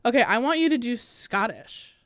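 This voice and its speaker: A woman's voice: a little high, lively intonation, normal speed, fairly bright tone, no echo, studio quality. A woman co-hosting a podcast in casual chat, teasing and giggling. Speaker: podcast co-host.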